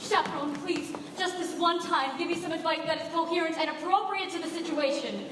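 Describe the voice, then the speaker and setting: A teenage girl playing a glamorous, showy young bride with bright theatrical delivery in a school musical. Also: extremely high pitch, a little fast. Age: teens. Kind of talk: stage musical acting. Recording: echoey hall taped from far off, noisy.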